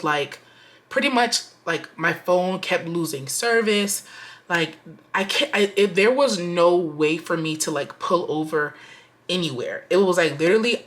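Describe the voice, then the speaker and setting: A young woman tells a chatty storytime to her viewers, slangy and full of asides. Her voice sits a little low but comes out bright and forceful. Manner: animated, slangy, lots of "like" and "y'all". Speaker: budgeting vlogger.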